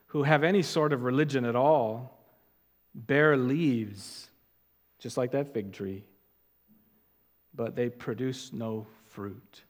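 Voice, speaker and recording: Slow, emphatic preacher in a reverberant hall. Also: male voice, mid-range voice. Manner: emphatic, deliberate, swings from loud stresses to quiet asides. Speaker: pastor. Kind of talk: expository sermon.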